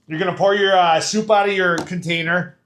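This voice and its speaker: Give me a chatty man walking through a recipe in his kitchen, fairly high voice, echo off the walls. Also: steady tone, brisk, noisy background. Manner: chatty, folksy, lots of fillers. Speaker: home cooking show host. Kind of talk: casual step-by-step cooking demo. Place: home kitchen.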